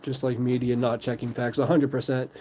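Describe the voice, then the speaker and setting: Man, live-stream host, casual chat, rambling, filler-heavy, mid-pitched voice. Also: level tone, fairly quick, darkish tone, slight background noise.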